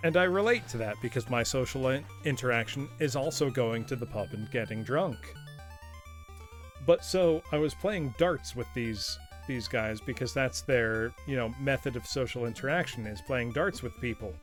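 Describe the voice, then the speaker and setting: A man's voice: mid-range voice, moderate pace, faint music behind. An American man hosting a live game stream, telling a story casually and laughing often. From United States. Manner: chatty storyteller, laughs often, reads chat aloud. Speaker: streamer host. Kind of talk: casual live-stream chat while gaming.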